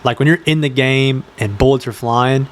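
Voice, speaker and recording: A young man talking in a loose, rambling podcast chat, full of fillers and quick acted-out quotes. His pitch sits in an ordinary middle range. A faint hiss of noise sits under the recording. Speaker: podcast co-host. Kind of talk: casual chat.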